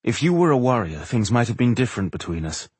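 A man's voice: mid-range voice, big pitch swings, quick pace, darkish tone, breathy edge, no echo. A man voicing a cool-headed female mage who talks in a dry, teasing way.

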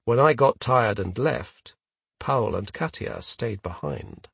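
A man reading a first-person story aloud in a measured, steady way. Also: on the low side, vocal fry, husky, dry recording. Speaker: audiobook narrator. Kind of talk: scripted first-person narration.

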